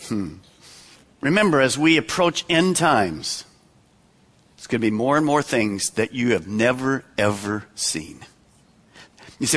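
Guy preaching a sermon, high bright voice, swings way down low and slows right down for effect. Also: expressive. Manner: dramatic preaching with wide swings in pitch and pace; repeats words for emphasis and asks questions. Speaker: pastor.

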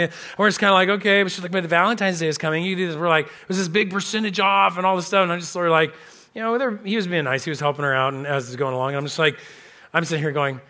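Guy preaching at church, kinda high bright voice, chatty storytelling sermon. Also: expressive, fast talker. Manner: storytelling, acts out quoted voices, conversational. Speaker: pastor.

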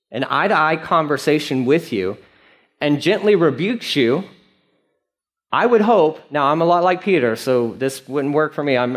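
A male pastor preaching a sermon in an animated, conversational way, with frequent fillers. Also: fairly high pitch.

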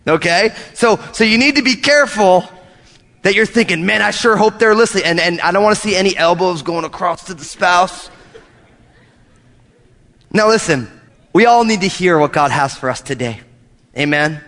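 High-voiced man preaching with jokes. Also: moderate pace, long pauses, big-room sound. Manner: animated, joking storyteller. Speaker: pastor. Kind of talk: sermon. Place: church hall.

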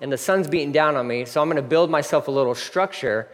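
A man's voice: on the high side, quick pace, close to an everyday voice. A man preacher voicing a stubborn, defiant male prophet who sulks and stays out of the city. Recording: long hall reverb.

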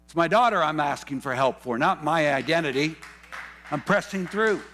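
A man delivering a fervent sermon in a somewhat high voice. He repeats key phrases for emphasis and wanders into asides, correcting himself as he goes. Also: expressive, moderate pace, bright, forceful tone, slight background noise. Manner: rambling asides and self-corrections. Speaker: pastor.

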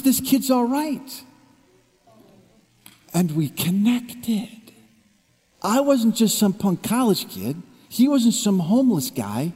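A pastor with a high voice delivers a sermon in a large worship hall. He tells his story in hushed low tones, then rises into emphatic preaching. Long reverb trails each phrase. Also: slightly rough.

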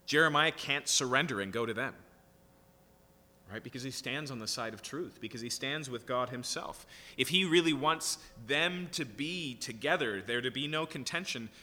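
A man delivers a sermon, alternating between reading scripture and paraphrasing it in casual, everyday terms. His voice is bright and carries a long reverb, as if filling a large hall. He often checks in with his listeners with a quick "right?". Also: medium pitch. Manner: reads scripture aloud and paraphrases it conversationally, with frequent "right?" asides. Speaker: preacher. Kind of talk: sermon, Bible teaching.

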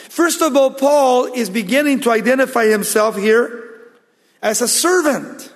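A man preaching a sermon as pastor, emphatic and slowing down to stress key words. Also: extremely high pitch. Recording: long reverb of a large hall.

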